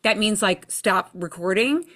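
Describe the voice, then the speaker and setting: A woman guest in a casual interview, telling lively stories and acting out what people said. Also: mid-range voice, a little slow. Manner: animated storyteller, acts out quoted lines. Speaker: TV show judge, interview guest.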